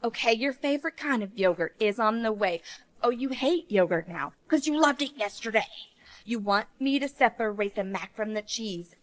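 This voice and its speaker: A woman in her thirties, a mom doing comedic monologues in a sarcastic, exasperated way. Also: fairly high pitch.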